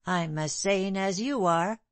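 A woman voicing a stubborn, indignant London landlady in an audiobook, insistent and sharp-tongued. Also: mid-range voice, slow, no echo.

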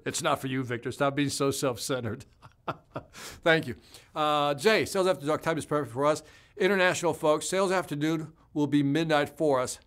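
A man's voice: fairly high pitch, normal speed. Upbeat male sales trainer reading comments. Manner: energetic, conversational, talks straight to viewers. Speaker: sales trainer hosting a live stream. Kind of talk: live-stream chat reading viewer comments.

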